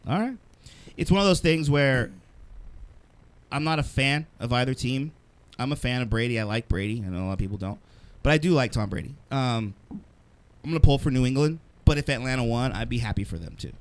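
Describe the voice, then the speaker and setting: A man's voice: medium pitch, brisk, clean tone. A man co-hosting a podcast, chatting bluntly about sports with frequent swearing and laughter. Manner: blunt, profane, laughs often. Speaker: podcast co-host. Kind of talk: casual sports chat. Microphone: studio mic, live-streamed show.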